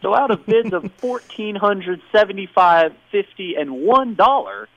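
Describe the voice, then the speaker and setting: Podcast host, man, lively storyteller, dry lo-fi sound. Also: high-pitched, a little slow, no room sound. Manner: animated, laughing retelling. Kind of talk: casual chat, storytelling.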